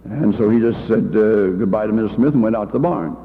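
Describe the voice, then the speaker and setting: A man's voice: fairly low pitch, fast, slight background noise. Older man, folksy anecdotal talk, tinny old tape, long hall echo. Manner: anecdotal, homespun, fillers. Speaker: church education leader.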